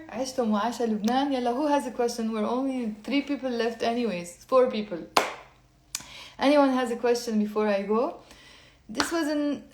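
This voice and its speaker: A woman teaches a live online language class. Her voice sits fairly high, and she repeats each phrase patiently, first slowly and then at normal speed. The sound is roomy and echoey, recorded on a computer mic. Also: a little mellow. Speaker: Lebanese Arabic teacher.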